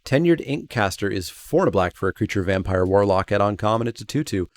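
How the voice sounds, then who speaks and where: A man's voice: lowish voice, lively intonation, fast. A man hosting a channel, reading game card text aloud and then musing over each one with hedging asides in casual review commentary.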